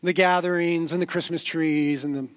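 A man's voice: a little high, fairly even intonation, normal speed. A man preaching a sermon as pastor, earnest and growing emphatic, with repeated words as he builds.

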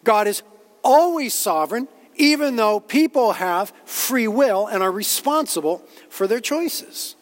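A pastor delivers an earnest sermon, repeating himself and quoting others as he builds his point. He has a high voice with lively intonation and a measured pace, and a long reverb tail trails his words.

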